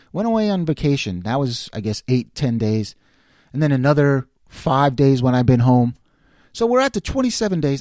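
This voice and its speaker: A man's voice: mid-range voice, a little mellow, no echo, studio quality. A middle-aged man from New York in a casual monologue, telling a story with exasperation and acting out the other people's lines. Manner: exasperated ranting. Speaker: vlogger.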